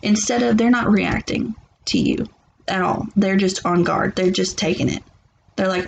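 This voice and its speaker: A woman's voice: medium pitch, normal speed, vocal fry, a little hiss or hum. A woman giving a casual tarot reading, blunt and rambling, often restarting and laughing. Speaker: tarot reader. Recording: muffled lo-fi recording.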